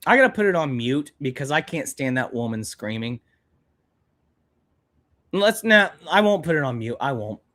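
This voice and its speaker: A man's voice: mid-range voice, very animated, normal speed, long pauses, fairly bright tone, slight background noise. A young man hosts a live stream, his voice swinging up and down as he rants. He talks bluntly and angrily, swearing freely as he reacts to a clip. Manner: angry, profane, blunt ranting. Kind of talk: ranting live stream commentary.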